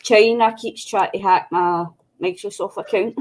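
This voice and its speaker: A woman's voice: medium pitch, unhurried, darkish tone, a little hiss or hum, rough recording. A Scottish woman hosting a craft stream, chatting in a rambling, self-deprecating way. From Scotland. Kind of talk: casual chat while crafting. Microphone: video call setup.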